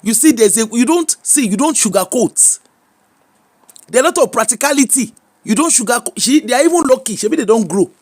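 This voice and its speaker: A man's voice: very high voice, expressive, fairly quick. A man with a Yoruba-inflected Nigerian accent, giving preachy, emphatic advice in casual commentary and mixing in Pidgin. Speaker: social media commentator.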